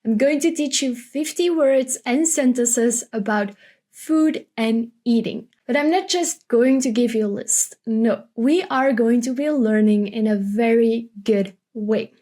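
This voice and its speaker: A woman teaching vocabulary, repeating each word slowly and carefully for learners. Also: on the high side, dark tone. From Belgium. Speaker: Dutch language teacher. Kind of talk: vocabulary lesson, slow and careful.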